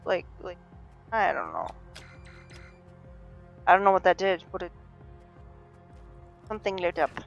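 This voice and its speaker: A man's voice: sits high, very animated, a little slow, vocal fry, long pauses, a bit bright, dull audio, faint music behind. A man streaming a game live, rambling and talking to himself as he plays. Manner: rambling, self-talking, full of restarts. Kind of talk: rambling live gameplay chat.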